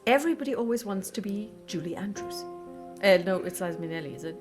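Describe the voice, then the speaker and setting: A woman's voice: mid-range voice, animated, quick pace, music in the background, natural voice. A woman voicing a fussy, harried bureaucrat princess who talks in an officious, snippy way. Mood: haughty.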